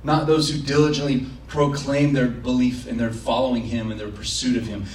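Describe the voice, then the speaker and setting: A man's voice: medium pitch, flat delivery, normal speed, darkish tone. A man preaching a sermon as pastor, passionate and acting out prayers and imagined quotes, recorded in a church. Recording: roomy, from a distance.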